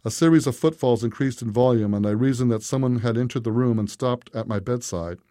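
A man narrating a first-person story in a steady, unhurried way. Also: mid-range voice, no room sound, clean studio sound.

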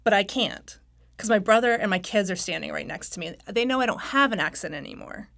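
A woman's voice: medium pitch, expressive, brisk, vocal fry, a bit bright. A woman from North Carolina who has lost her accent, a novelist telling stories in a candid, self-deprecating radio interview and laughing often. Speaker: novelist guest.

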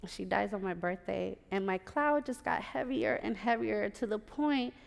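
A woman's voice: medium pitch, normal speed, gravelly. Sassy Puerto Rican-born woman telling a story on stage. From Puerto Rico. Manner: animated, sassy asides to the audience. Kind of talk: live storytelling performance. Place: large theater stage. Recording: live theater with long reverb.

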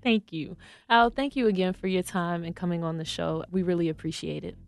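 A woman's voice: fairly low pitch, steady tone, brisk, gravelly, dry recording. A woman hosting a podcast, thanking her guest and introducing the next segment, brief and polite. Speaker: podcast host. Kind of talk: interview hosting.

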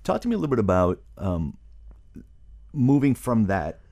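A man's voice: on the low side, sing-song, moderate pace, mellow. A man hosting an interview, enthusiastic, with lots of casual fillers. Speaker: interviewer host. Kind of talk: conversational interview.

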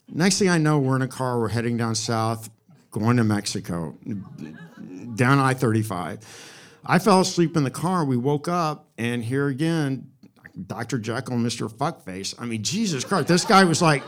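A man's voice: medium pitch, moderate pace. Wry, profane man telling a story live. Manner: wry, profane, deadpan delivery. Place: live event before an audience.

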